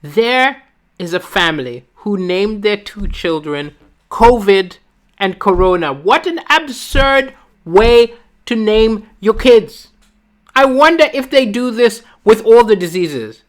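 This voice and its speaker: Animated woman doing stand-up from home. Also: mid-range voice. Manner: animated, quick storytelling. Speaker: stand-up comedian. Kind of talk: stand-up comedy. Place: at home, alone.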